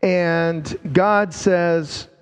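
Slow, emphatic preacher in an echoing hall. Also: male voice, steady tone, clean tone. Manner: slow and emphatic, drawing out key words with deep drops in pitch. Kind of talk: sermon.

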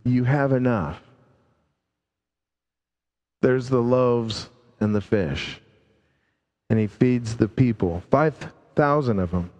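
A man preaching a sermon, slow and emphatic, drawing out key words and dropping his voice low to stress them. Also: a little mellow, big-room sound.

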